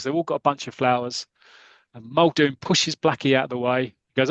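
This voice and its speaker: A man's voice: medium pitch, a little fast, a bit bright, no echo, muffled recording. Chatty man retelling a comic. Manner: rambling, chatty, with restarts. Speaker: podcast co-host. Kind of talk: casual retelling of a comic story.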